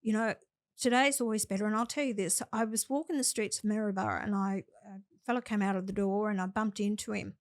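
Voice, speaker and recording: A woman's voice: medium pitch, steady tone, fast talker, dry recording. An older Australian woman, a senator and podcast guest, giving earnest, plain-spoken advice and telling stories from experience. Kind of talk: interview conversation.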